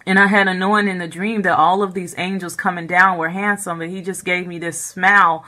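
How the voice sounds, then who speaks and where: A woman recounting a dream in a casual, animated way, with many fillers and repeats. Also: lowish voice, fairly quick.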